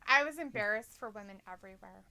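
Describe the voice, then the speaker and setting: A woman's voice: medium pitch, quick pace, pushed and bright. A young woman co-hosting a casual wrestling live stream, playful and bubbly, teasing her chat.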